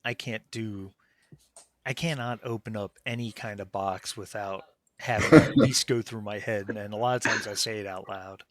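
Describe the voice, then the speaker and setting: A man's voice: lowish voice, fairly even intonation, normal speed. Laid-back male game master, easygoing chat before the session starts, voice-chat mic. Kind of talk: casual pre-game chat.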